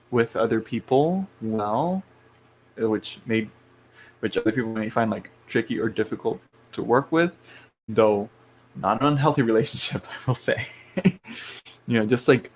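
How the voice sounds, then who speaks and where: A man's voice: fairly low pitch, measured pace, pauses often, slight background noise. Rambling man giving casual tarot readings. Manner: rambling, many fillers and restarts, chuckles often. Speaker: tarot reader hosting a live stream.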